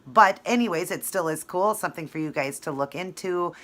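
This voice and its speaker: A woman's voice: fairly low pitch, brisk, a bit bright. A woman talking casually through a nail art tutorial, friendly and explaining each step.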